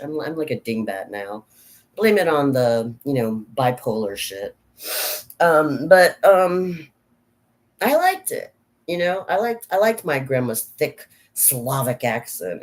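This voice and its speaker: A woman talks to camera in a loose, personal vlog chat. She rambles, restarts her thoughts and laughs at herself a lot, with a frank, unguarded manner. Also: a bass voice. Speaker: vlogger.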